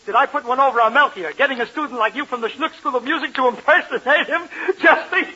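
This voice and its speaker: Very high, excitable wisecracking man. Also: breathy edge. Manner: fast-talking, excitable, wisecracking. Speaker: comedy show host. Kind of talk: 1940s radio comedy. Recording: muffled old radio broadcast, studio audience.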